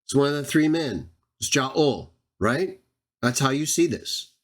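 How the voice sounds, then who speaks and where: A man delivering argumentative scripture commentary at a slow, deliberate pace. He speaks straight at his opponents with a sarcastic, combative edge. He draws out the verses he reads aloud for emphasis. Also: mid-range voice, lively intonation. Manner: drawn-out emphatic reading of verses. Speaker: Bible teacher and channel host.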